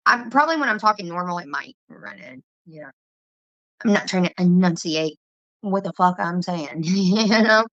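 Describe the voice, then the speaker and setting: Bright-voiced casual woman, dry lo-fi sound. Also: mid-range voice, moderate pace, no echo. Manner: rambling, laughing, swears casually. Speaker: streamer chatting with viewers. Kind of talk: casual livestream chat.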